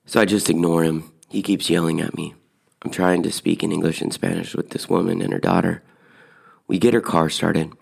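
Brief: low-voiced man, heavy vocal fry, casual personal storytelling. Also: moderate pace. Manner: relaxed conversational storytelling.

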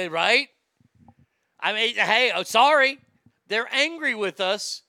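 A man's voice: high-pitched, sharp tone, clear, resonant tone, dry recording, clean studio sound. Sarcastic, laughing middle-aged man host. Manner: laughs often, mocking, sarcastic, puts on silly voices. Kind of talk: comedic commentary.

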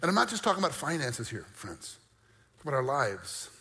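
A male pastor delivering an animated sermon, with bursts of mock disbelief and a conversational, joking aside. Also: medium pitch, fairly quick, in a large hall. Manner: animated preaching with mock-incredulous outbursts.

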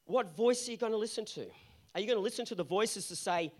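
A man's voice: sits high, fast, darkish tone. A male pastor delivering an earnest sermon that builds to emphatic peaks.

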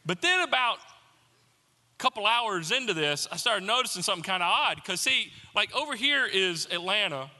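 A man with a fairly high, very bright and forceful voice preaches a sermon. He tells a personal story with animated, comic mock panic, then slows into an earnest appeal. His voice rings with a long reverb, as in a large hall. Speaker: pastor.

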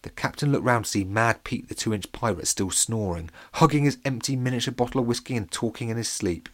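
A man's voice: medium pitch, brisk. Guy reading a kids story aloud, playful, chats to the listeners. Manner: playful, chatty asides to listeners. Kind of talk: audiobook narration for children.

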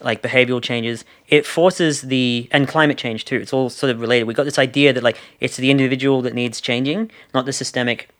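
An Australian man talks through a casual podcast discussion at a mid pitch. He circles his points with restarts and fillers and slips in dry sarcasm. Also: fairly even intonation, fairly quick, hardly any pauses, a bit bright.

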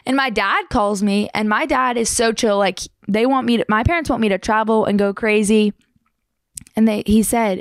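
A young woman from New Jersey telling her own surfing story in a fast, chatty, animated way with casual slang. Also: on the high side, no room sound, studio quality. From New Jersey, United States. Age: young adult.

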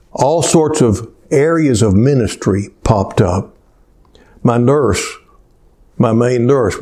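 Slow, earnest man preaching a sermon. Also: on the low side, dark tone. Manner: slow, earnest storytelling with many pauses and "uh" fillers. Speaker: pastor.

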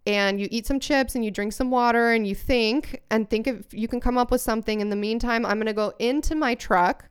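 Woman, casual chat, smooth clear voice, fairly high, animated storyteller, swears freely. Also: fairly quick. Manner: animated storytelling, acting out quotes with raised pitch. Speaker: storyteller recounting a workplace incident.

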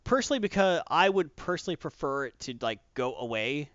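A man co-hosting a casual chat, telling a story in an animated way and acting out characters. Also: a little high, a little fast, no echo, dull audio. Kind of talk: casual comic book chat.

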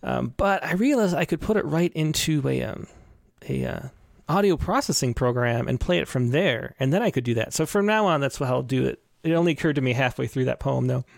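A man's voice: mid-range voice, expressive, brisk, vocal fry, dry recording, clean studio sound. A man hosting a podcast, talking casually and rambling with many fillers. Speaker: podcast host.

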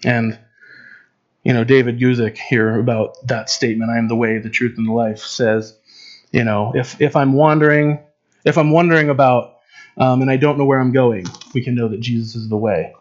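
A man's voice: mid-range voice, steady tone, normal speed, lo-fi sound. Man giving casual Bible teaching. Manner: conversational, with fillers and restarts. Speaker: preacher.

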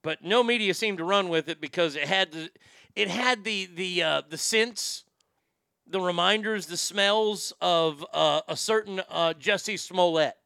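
Brief: sarcastic male host, bright crisp voice, dry close mic. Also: high-pitched, a little slow, no room sound. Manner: sarcastic, dismissive, stumbling restarts. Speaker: podcast host. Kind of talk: opinionated talk show monologue.

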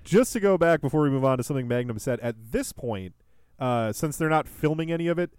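A man's voice: a little high, animated, fast, a little mellow, clear, resonant tone, dry recording, clean studio sound. A man co-hosting a podcast, joking and laughing often in casual chat. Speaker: podcast co-host.

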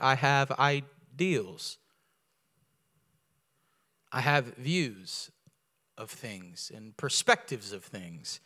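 Animated, bright-voiced male preacher. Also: mid-range voice. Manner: animated storyteller, rising to loud preaching. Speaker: guest pastor. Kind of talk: sermon with storytelling. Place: church sanctuary.

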